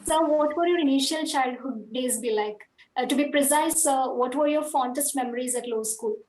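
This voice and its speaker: A woman's voice: high voice, moderate pace, a little mellow, slight background noise. A woman from India hosting an interview, polite and formal as she introduces the channel and asks questions. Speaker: host. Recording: echoey room.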